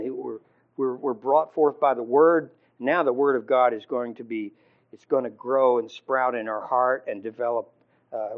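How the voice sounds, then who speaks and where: In a muffled, dull lo-fi recording, a man who teaches the Bible preaches a loose, conversational sermon. His middle-pitched voice keeps stopping and starting again, with lots of fillers and frequent throat clearing in an informal, halting manner.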